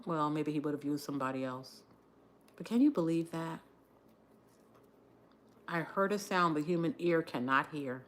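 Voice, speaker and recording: A woman chatting casually on her livestream, telling a story while doing her hair, with an animated, lively delivery. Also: normal speed, pauses often. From Texas area. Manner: animated storyteller, shifts to high voice when quoting shouts. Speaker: livestream host.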